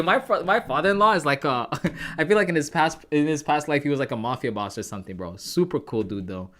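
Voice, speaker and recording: A man's voice: a little high, big pitch swings, fast, a bit bright. A man from Canada hosting a trading livestream, chatting casually and calling viewers "bro" and "guys".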